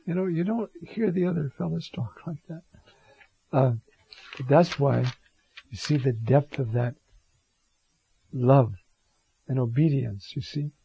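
A man's voice: medium pitch, measured pace, creaky, long pauses, warm tone, husky. A man teaching on a Bible reading in a conversational, digressive homily style, often saying "you see". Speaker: priest teaching on scripture. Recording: dull lo-fi close mic, dry.

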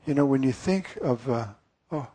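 A priest giving an earnest, musing sermon, often pausing with fillers. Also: male voice, mid-range voice, lively intonation, warm tone.

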